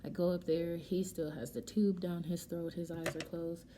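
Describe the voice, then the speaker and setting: A young adult woman vlogger casually telling a personal story while doing her makeup, animated and emotional, acting out what people said. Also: on the low side, normal speed, background noise. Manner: emotional, animated retelling with quoted dialogue. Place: home, getting ready.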